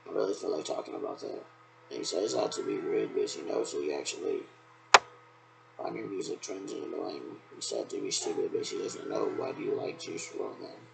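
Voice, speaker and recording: A man's voice: low-pitched, sing-song, brisk, vocal fry, very noisy. A man in a rambling, repetitive monologue that loosely strings thoughts together, recorded on a laptop webcam.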